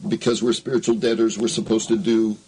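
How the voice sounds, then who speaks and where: A husky man with a low voice speaks as a guest on an interview show. His storytelling is earnest and measured. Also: little pitch movement, a little mellow, low-quality recording.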